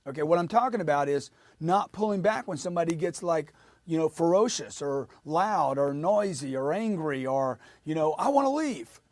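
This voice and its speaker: A man's voice: on the high side, normal speed, dry recording. A man giving an emphatic motivational sales lesson, repeating his points as he coaches. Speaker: sales trainer.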